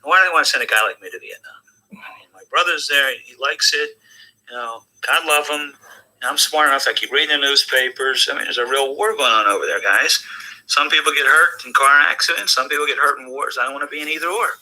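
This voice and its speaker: An older American man recounts his memories in an interview, with animated, joking delivery. His voice has a hard, forceful edge and sits at an ordinary pitch for a man. Now and then he sinks to a hushed tone before picking up again. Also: fast, poor audio. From United States. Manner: animated, jokey storyteller with sudden drops to a hushed tone. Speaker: interview guest. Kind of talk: conversational storytelling.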